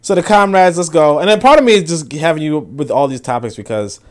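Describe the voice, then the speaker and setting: A man hosting a casual podcast, talking in a profane, dismissive and animated way. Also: fairly high pitch, a little fast. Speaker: podcast host. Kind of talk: casual commentary.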